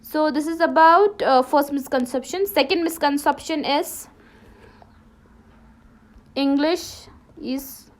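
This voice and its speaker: A woman teacher with a Ladakhi accent gives a classroom lesson in a high-pitched, steady voice, going slowly and pausing often. She tacks "okay?" onto nearly every sentence and keeps restarting and correcting herself.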